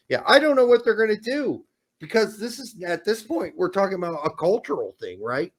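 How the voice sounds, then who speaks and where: A man co-hosting a casual sports talk show, joking and animated as he talks. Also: high-pitched, moderate pace. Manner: lively, joking, animated delivery. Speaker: podcast co-host.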